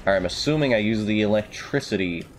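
A man giving let's play commentary, jokey and excitable, swearing and yelping at the game. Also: fairly low pitch, a little fast, a little hiss or hum. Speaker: gamer.

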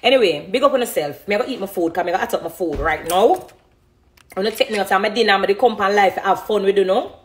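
A woman in her thirties with a Jamaican accent, a dancehall artist, chats casually on a phone live stream, reading out comments and laughing often. Her voice sits in the mid-range and moves fast, with a little hiss or hum in the background.

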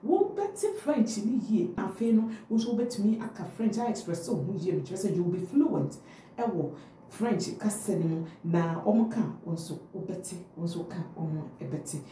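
A woman with a Ghanaian accent teaching French phrases to Twi speakers, drilling each phrase slowly and repeating it. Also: mid-range voice, far from the mic, slight background noise. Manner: lively, drawn-out repetition of phrases. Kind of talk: language lesson, repeat-after-me drills. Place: France. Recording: echoey room, off mic, faint ambience.

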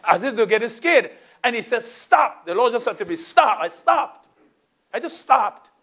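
A middle-aged man preaching from the pulpit, his voice sitting high for a man. He tells his story in a sermon, dropping into soft asides and then rising into emphatic lines. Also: animated, fairly quick. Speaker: pastor.

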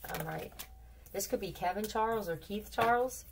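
A woman's voice: medium pitch, moderate pace, recorded from a distance, background noise. A woman giving a casual tarot reading, rambling and blunt, swearing freely, repeating words and firing off questions. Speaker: tarot reader.

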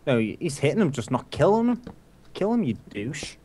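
A young man chatting casually while playing a game with friends, getting excitable and cursing at the mobs. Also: fairly high pitch, a little fast. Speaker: gamer. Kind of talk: casual gaming chat.

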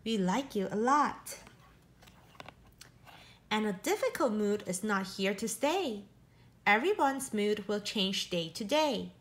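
A woman's voice: medium pitch, lively intonation, takes it slowly, pauses often. A woman reading a children's picture book aloud in a playful way, adding animal noises as she goes. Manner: playful, makes animal noises between lines. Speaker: storyteller.

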